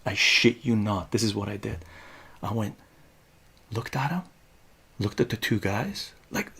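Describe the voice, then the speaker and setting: A man's voice: fairly low pitch, measured pace, creaky, husky. A middle-aged man from Iran, telling profane stories in a casual livestream and checking in with "right?". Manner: animated, profane, conversational with frequent "right?". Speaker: streamer.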